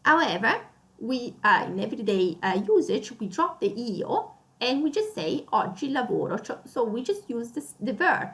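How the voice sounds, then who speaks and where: A woman's voice: fairly high pitch, very animated, moderate pace, fairly bright tone. A woman with an Italian accent, a native Italian speaker, teaching a beginner grammar lesson and repeating example phrases with strong emphasis. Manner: explanatory, repeats examples with stressed emphasis, frequent uh fillers.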